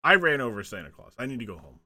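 A man's voice: medium pitch, big pitch swings, rapid-fire, sharp tone. A man hosting a podcast, recapping a wrestling match in casual, rambling, joking chat. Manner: rambling, joking, trailing off with fillers. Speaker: podcast host.

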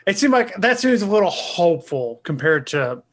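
A man with a fairly high voice, talking over music with friends. He circles his point, hedging and filling pauses. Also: very animated. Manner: hedging, full of "like". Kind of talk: casual music review chat.

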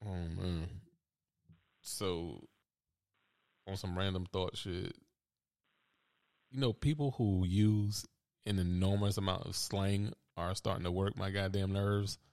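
Laid-back low-voiced man chatting. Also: steady tone, slow, pauses often, darkish tone. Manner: laid-back, laughing, profane storytelling. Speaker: podcast co-host. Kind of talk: casual chat.

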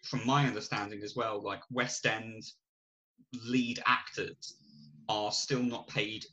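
A man co-hosting a podcast, retelling a film's plot in animated, rambling casual chat and laughing often. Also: lowish voice, slow pace, lo-fi sound. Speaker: podcast co-host. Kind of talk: casual film review chat.

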